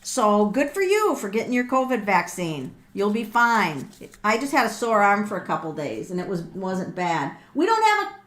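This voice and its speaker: A middle-aged woman hosting a live tarot reading, excitable and thinking aloud with frequent ums and repeated words. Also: medium pitch, moderate pace. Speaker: tarot reader and livestream host.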